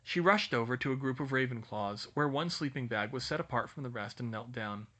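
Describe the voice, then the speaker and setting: A man reading a fan-fiction story aloud with expressive storytelling. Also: mid-range voice, a little fast. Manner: expressive storytelling, voices each character. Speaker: reader.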